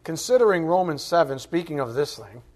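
A man's voice: a little high, animated, brisk. A man teaching a Bible class in a conversational way, asking rhetorical questions and acting out quoted voices. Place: classroom with a board.

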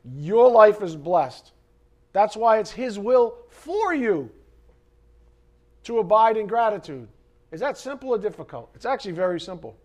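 A male pastor preaching a sermon in an animated, conversational way, joking with the congregation and swinging between loud emphasis and quiet asides. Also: high voice, unhurried.

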